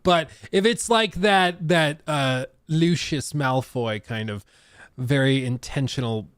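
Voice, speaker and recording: A man's voice: mid-range voice, takes it slowly, fairly bright tone, clear, resonant tone, no echo, studio quality. A man hosting a casual gaming livestream, rambling loosely, laughing often and reading out chat messages. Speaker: gaming streamer.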